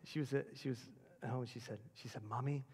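A man speaking at a school chapel, telling personal stories in an earnest way that swings from hushed to excited. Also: medium pitch, fast talker, slightly rough. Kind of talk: personal storytelling sermon. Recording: echoey hall.

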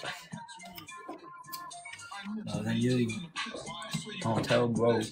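A man's voice: mid-range voice, sing-song, slow, long pauses, low-quality recording. A man from England hosting a casual live stream, chatting, thanking viewers and rallying his team. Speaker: livestream host. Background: loud music.

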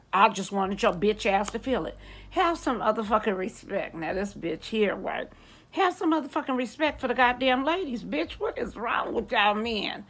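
A woman's voice: mid-range voice, a bit bright. A woman vlogger delivering a blunt, profane comedic rant straight to camera. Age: adult.

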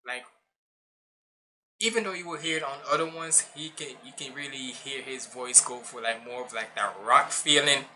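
A man's voice: mid-range voice, normal speed, pushed and bright, a little hiss or hum. A man hosting a music reaction channel, talking casually in a rambling, loose way full of slang and restarts.

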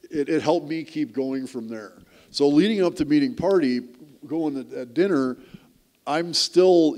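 A man's voice: medium pitch, darkish tone. A middle-aged man from the United States telling a personal story to a live theater audience, candid and self-deprecating, often restarting his sentences. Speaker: speaker at a community event. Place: theater stage.

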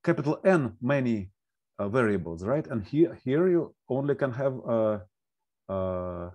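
A man poses questions during a seminar, halting and apologetic, with lots of fillers. His voice sits at an ordinary male pitch. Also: sing-song, dull audio. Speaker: audience member asking questions.

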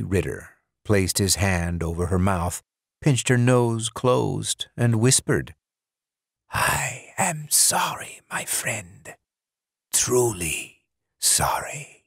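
Slow, gravelly horror narrator, a man. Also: lowish voice, a little mellow, no echo, studio quality. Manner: slow, deliberate storytelling. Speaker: audiobook narrator.

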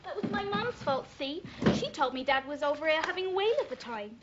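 A woman's voice: sits high, lively intonation, fairly quick. An actress playing a sixteen-year-old runaway schoolgirl who craves attention, in a 1980s TV comedy-drama. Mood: chatty. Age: teens. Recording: dull lo-fi TV audio, faint hiss.

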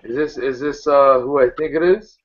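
A man's voice: mid-range voice, normal speed. A man hosting a casual live video hangout, joking and laughing often as he rambles. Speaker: host of a motovlogger live hangout. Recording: dull lo-fi sound with faint noise.

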